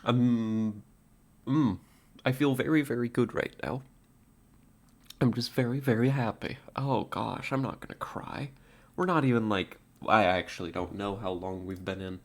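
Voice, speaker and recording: A man's voice: mid-range voice, fairly even intonation, a little slow. A man streaming live, chatting casually with viewers, laughing often and stumbling over his words. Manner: giggly, stammering, reads out chat puns.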